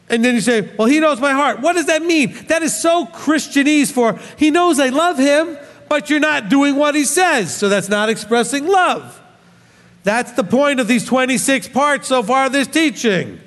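Male rabbi-preacher, high voice, scolding, animated, reverberant hall. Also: unhurried. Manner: animated, scolding, rhetorical questions. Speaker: rabbi teacher. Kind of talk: sermon.

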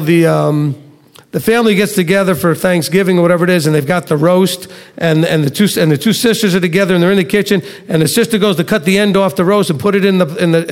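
A man's voice: high voice, quick pace. A middle-aged man giving a conversational Bible teaching on a live stream, telling homely stories. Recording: long hall reverb.

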